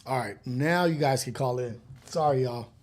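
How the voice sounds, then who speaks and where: A man's voice: medium pitch, normal speed. A man hosting a live morning show, talking in a loose, profane, casual way and laughing often. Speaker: host. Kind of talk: casual live-stream chat.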